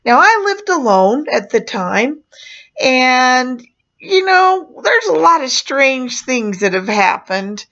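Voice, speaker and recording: A woman's voice: high voice, big pitch swings, slow pace, fairly bright tone. A woman who performed as a clown, chatting through a personal story with fillers and small laughs. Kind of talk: casual spoken memoir. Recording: muffled lo-fi recording.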